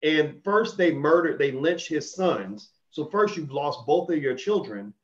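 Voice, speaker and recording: A man's voice: fairly high pitch, animated, a little slow. A man hosting an interview, speaking in a reflective, thoughtful way. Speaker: host. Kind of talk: interview talk. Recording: dull lo-fi recording.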